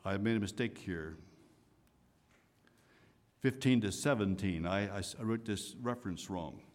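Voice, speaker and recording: A man preaching a sermon, swinging from loud emphatic lines to soft hushed asides. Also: lowish voice, measured pace. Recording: long hall reverb.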